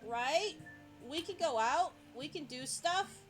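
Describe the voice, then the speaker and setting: A woman's voice: sits high, expressive, slow pace, faint music behind. A woman doing a nagging little male cat. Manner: insistent, nagging repetition.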